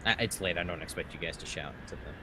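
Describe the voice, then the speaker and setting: A man running a tabletop game as game master, narrating scenes slowly with fillers. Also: low-pitched. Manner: slow descriptive narration with fillers. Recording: clear background noise.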